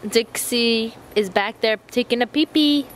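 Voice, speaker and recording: A young woman with a fairly high voice chats and giggles at her dogs while filming outdoors on a handheld camera. She slips into playful baby talk, and a faint hiss sits behind her. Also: a little slow, rough recording. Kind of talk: casual home video chat. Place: outdoors at sunset.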